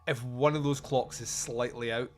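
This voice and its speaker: A man's voice: mid-range voice, fairly even intonation, normal speed, a little hiss or hum. A man hosting a podcast, chatting casually about a film, rambling and joking with lots of fillers. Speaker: podcast host. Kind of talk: casual film review chat.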